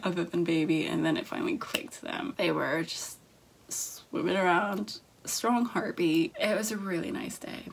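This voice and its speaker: A young adult woman vlogger telling a personal story to camera, speaking haltingly with frequent restarts. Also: on the low side, vocal fry, a little hiss or hum, rough recording.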